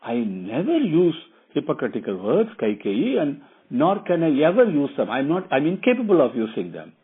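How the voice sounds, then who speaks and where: A man voicing a gentle, bewildered king who earnestly pleads with his queen, with a husky voice. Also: a little high, wildly swooping pitch, normal speed, full character voice. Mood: pleading. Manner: earnest, imploring. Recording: tinny phone-like recording.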